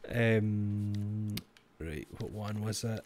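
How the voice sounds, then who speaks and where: Here the Scottish streamer's voice sits lowish and dark, and he speaks very slowly. As he comments on his mystery game live, he reads its notes aloud, jokes around and curses freely.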